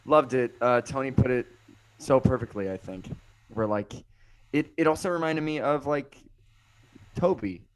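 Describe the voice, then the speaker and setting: A man's voice: normal speed, long pauses, a little hiss or hum, poor audio. A man co-hosting a casual movie discussion, joking and slangy. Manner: joking, slangy, swings pitch for emphasis. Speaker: podcast co-host.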